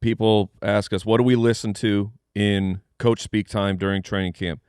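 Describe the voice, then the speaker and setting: A man co-hosting a fantasy football podcast, talking casually with halting restarts and chuckles. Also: lowish voice, level tone, darkish tone, smooth, dry recording, clean studio sound. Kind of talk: casual sports podcast banter.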